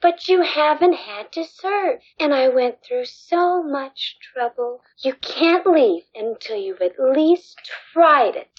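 A woman's voice: high voice, expressive, slow, few pauses, muffled recording. An actress playing a lonely, unhinged woman who speaks plaintively and tearfully, wavering between sweet and menacing, in film dialogue.

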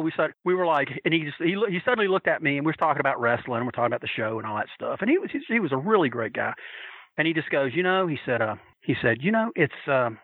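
Animated, profane storytelling man. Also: fairly high pitch, no echo, phone-quality sound. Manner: animated, profane, acts out quoted voices. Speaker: storyteller recalling wrestling fan days. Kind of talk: casual storytelling.

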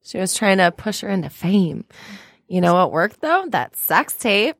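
A woman's voice: mid-range voice, big pitch swings, unhurried, no room sound, clean studio sound. A woman co-hosting a podcast in casual chat, sarcastic and emphatic. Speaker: podcast co-host.

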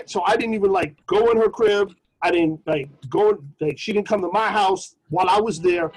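A man co-hosting a podcast, telling a personal story in a casual, slangy, animated way. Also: high voice, moderate pace, hardly any pauses, low-quality recording. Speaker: podcast co-host.

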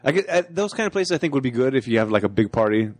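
A man's voice: medium pitch, big pitch swings, rapid-fire, no echo, soft background music. A man co-hosting a casual movie chat, recapping the plot and free-associating with laughs. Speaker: podcast co-host.

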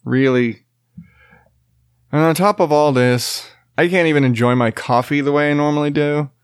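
This man in his thirties, a tired podcast host and father, has a slightly high, steady, clear and resonant voice and talks at a moderate pace. His casual chat wanders, with restarted sentences, frequent laughter, and casual cursing, captured in studio quality without room sound.

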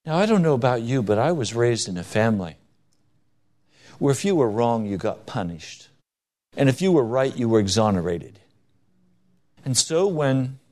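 A man's voice: medium pitch, a little mellow. A man preaching a sermon with emphatic delivery, rising and falling for stress, acting out quoted voices in his stories. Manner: acts out quoted voices in anecdotes.

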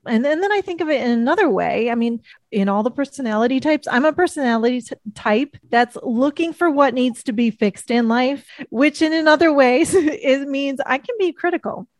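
Woman, podcast host, higher pitch, reflective, dry close mic. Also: no room sound. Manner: reflective, leads the discussion. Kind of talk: Christian parenting podcast chat.

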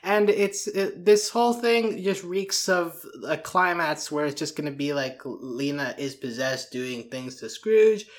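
A man co-hosting a casual cartoon review chat, speaking in halting bursts with frequent restarts and fillers. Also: fairly high pitch, animated. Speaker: podcast co-host.

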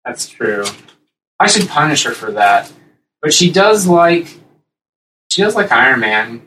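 A man co-hosting a casual podcast chat, rambling and animated, breaking into high-pitched impressions. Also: unhurried, reverberant, distant mic, slight background noise, poor audio. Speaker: podcast co-host.

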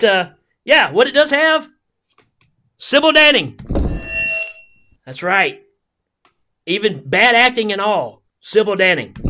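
A man hosting a movie podcast, chatting casually in an excitable, giggly, rambling way. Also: high voice, slight background noise. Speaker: podcast host.

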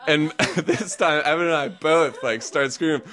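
A man's voice: fairly high pitch, measured pace, a bit bright. A man telling a personal story to a live audience, chatty and self-amused, laughing often and peppering his speech with fillers.

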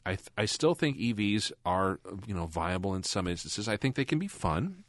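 A man's voice: fairly low pitch, very animated, moderate pace, no room sound, clean studio sound. A man co-hosting a casual car podcast, talking in a rambling, chatty way and laughing often. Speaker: podcast co-host.

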